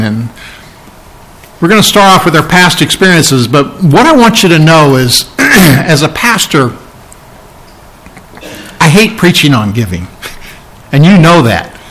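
Pastor guy preaching a sermon, kinda high voice, chatty with lots of restarts. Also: a bit bright, poor audio. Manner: conversational preaching with frequent restarts and fillers; reads and explains Bible verses, rising for emphasis.

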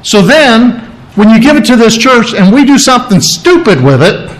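A man's voice: very high-pitched, very animated, normal speed, low-quality recording. A man preaching a conversational sermon, chatty, checking in with his listeners and imitating sounds.

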